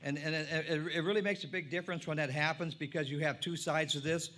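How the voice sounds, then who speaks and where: Council president guy, halting and repeats himself, a bit high-voiced, public event intro. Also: fairly even intonation, fairly bright tone. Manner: halting, repeats words, plain-spoken. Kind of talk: ceremonial introduction speech. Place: public event before an audience.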